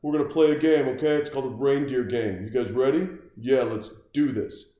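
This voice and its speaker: A man's voice: medium pitch, fairly quick, mellow, roomy sound, close to an everyday voice. A man voicing a laid-back, bro-ish reindeer coach in easygoing dude talk.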